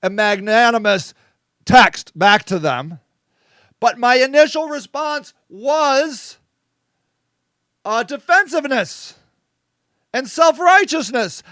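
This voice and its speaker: Blunt, swearing man, high voice. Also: animated, slow, long pauses, fairly bright tone, dry recording, clean studio sound. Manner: blunt, swears, repeats "okay?". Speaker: host. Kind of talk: casual live-stream monologue.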